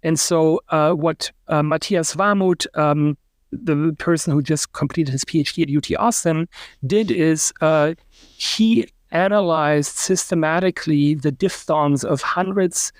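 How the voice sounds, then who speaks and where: A middle-aged man, a linguistics professor and podcast guest, explaining at length with many uh and um pauses and sounding out example words. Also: a little high, dry recording. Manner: lecturing, demonstrates pronunciations aloud, frequent uh and um.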